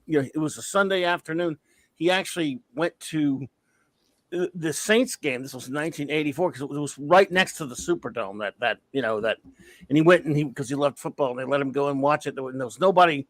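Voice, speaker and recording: A man chatting among friends in an easy, casual way. His voice sits a little higher than most men's. The sound is dry, with no room echo around it. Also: quick pace. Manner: breaks into sung cartoon theme songs and impressions. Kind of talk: casual chat.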